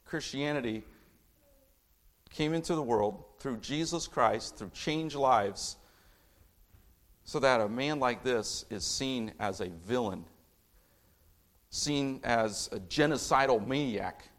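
A middle-aged man preaching a sermon, impassioned, swinging from low reading to fired-up outbursts. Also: takes it slowly, pauses often.

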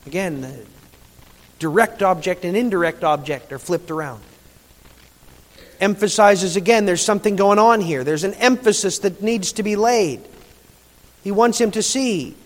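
Guy preaching a sermon, pretty high voice, stresses words hard, big echoey hall. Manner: emphatic preaching, slows on key phrases. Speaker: pastor. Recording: reverberant hall.

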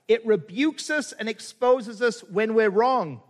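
High-voiced man preaching a sermon. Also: takes it slowly. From Canada. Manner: preaching with rhetorical questions and quoted scripture. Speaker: pastor.

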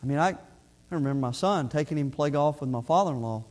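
A middle-aged man preaching a sermon, his voice sitting a little higher than most men's. He talks earnestly and conversationally to his congregation, often restarting his sentences as he reaches for the point. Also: fast talker, a little mellow. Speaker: pastor.

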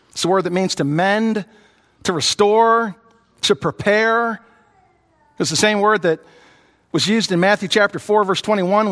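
A man preaching a sermon, earnest and repetitive, who rises in pitch when voicing others. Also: a bit bright. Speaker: pastor. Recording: long hall reverb.

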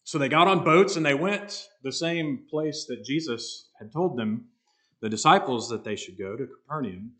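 A man preaching an expository sermon, earnest and emphatic, slowing down to stress key words. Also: mid-range voice, animated, a bit bright. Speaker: pastor.

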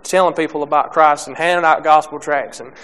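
A young man preaching a sermon, halting with many restarts and fillers, reading scripture and speaking plainly about faith. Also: a little high, steady tone, a bit bright.

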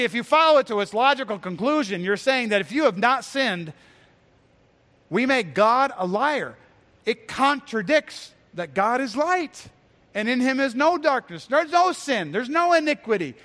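A man with a notably high voice delivers an earnest sermon, swelling loud on his main points and then dropping low and quiet. His words ring with the long reverb of a large hall. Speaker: pastor.

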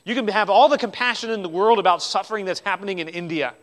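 A man preaching a sermon in an earnest style, swinging between loud, emphatic lines and quiet ones, and repeating words as he restarts. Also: sits high, fast talker. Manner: earnest preaching with sweeping rises and drops in loudness. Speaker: pastor.

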